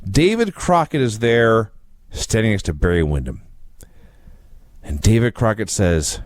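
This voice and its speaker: A man's voice: on the low side, very animated, unhurried, a little mellow, no echo. A man co-hosting a casual review podcast, retelling old wrestling segments in a dry, wry storytelling manner.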